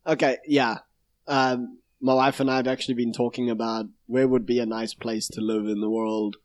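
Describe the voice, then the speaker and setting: A man's voice: medium pitch, little pitch movement, moderate pace. A young man co-hosting a podcast in casual comedic chat, joking and laughing often. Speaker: podcast co-host.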